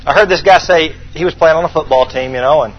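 A man's voice: on the high side, fast talker, breathy edge, highs cut off. A man preaching a sermon as pastor, emphatic and repeating his key points for the congregation to write down.

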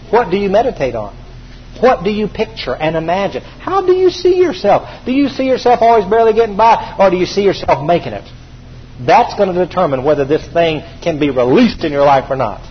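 A man preaching a sermon in a high voice, hammering his points with emphatic repetition. The recording sounds dull, with a faint hiss underneath. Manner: emphatic, repeats key phrases.

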